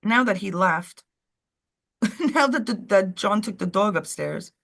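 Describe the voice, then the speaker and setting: A woman's voice: medium pitch, animated, measured pace, gravelly, fairly bright tone. A woman co-hosting a live stream, chatting casually and rambling while she calls her dog over. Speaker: co-host of a live show.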